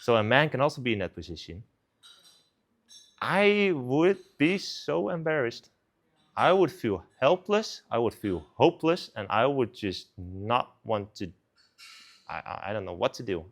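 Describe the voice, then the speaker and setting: A young man gives a casual sermon at a student service. He retells the story in an animated, conversational way. His speech is loose and full of filler like "like". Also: fairly low pitch, moderate pace. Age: young adult.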